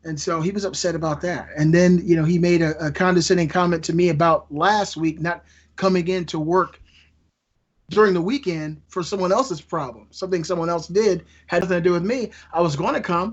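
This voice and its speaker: A man's voice: high voice, fast talker. A man telling a long work story in casual live-stream chat, rambling and often laughing through it, on a dull lo-fi mic.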